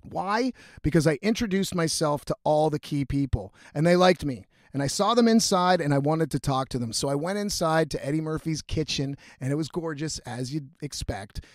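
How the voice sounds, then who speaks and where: Young man, casual vlog storytelling, profane and rambling, higher voice, dry close sound. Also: moderate pace, no room sound. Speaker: vlogger.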